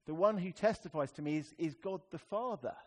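A man preaching a sermon in a conversational, wry way, swinging between emphatic rises and quiet, serious drops. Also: a little high, a little fast.

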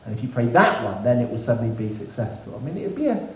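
Conversational preacher in an echoey hall. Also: male voice, medium pitch, very animated, quick pace. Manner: conversational, self-deprecating humour. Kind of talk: sermon. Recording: echoey room, mic at a distance, faint background hiss.

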